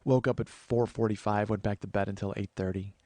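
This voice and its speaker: A man's voice: fairly low pitch, fairly even intonation, brisk, mellow, dry recording. A man in his forties telling stories in a casual podcast monologue. He chats freely, swears offhandedly and acts out the people he quotes. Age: 40s. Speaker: podcast host.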